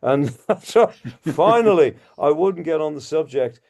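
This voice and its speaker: A man's voice: fairly high pitch, expressive, a little slow, a little mellow. A man from Liverpool with an English accent, doing rambling, self-mocking stand-up over a video call and chuckling as he drifts off topic. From Liverpool, England. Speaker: guest comedian.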